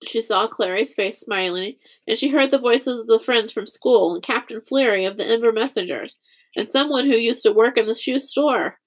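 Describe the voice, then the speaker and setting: A woman narrating a children's novel audiobook in a steady, measured storytelling voice. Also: a little high. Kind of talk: scripted narration.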